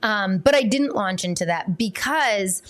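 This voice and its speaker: A woman's voice: medium pitch, animated, a little slow. A woman hosting a parenting podcast, talking in a chatty, candid way with fillers and self-corrections. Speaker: podcast host and parenting coach.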